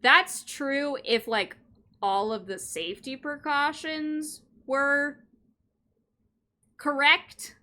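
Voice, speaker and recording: A woman's voice: high voice, fairly even intonation, very slow, bright, forceful tone. A woman streaming a game, chatting casually with viewers and giggling as she comments on the scene.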